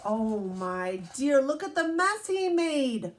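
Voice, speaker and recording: A woman teacher reads a picture book aloud to children in an animated way, asking them questions along the way. Her voice is high-pitched and her pace slow.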